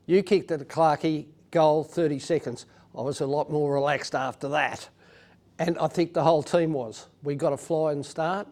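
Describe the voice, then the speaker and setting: A man's voice: on the high side, darkish tone. Father recounting the match. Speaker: father of a player. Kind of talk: casual interview.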